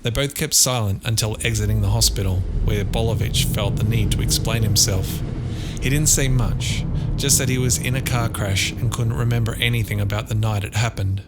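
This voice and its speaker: Male narrator, deep-ish voice, measured and dramatic audiobook reading, loud guitar music under him. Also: fairly even intonation. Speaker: author and narrator. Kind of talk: audiobook narration of a dark thriller.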